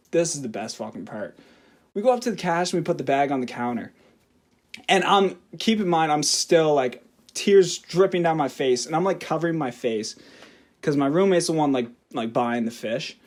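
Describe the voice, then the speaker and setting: A young man telling a story on his podcast, his voice sitting a bit higher than most men's. He talks loosely and animatedly, laughs through his own story and swears without a second thought. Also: animated, normal speed, a little mellow. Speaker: podcast co-host. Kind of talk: casual storytelling.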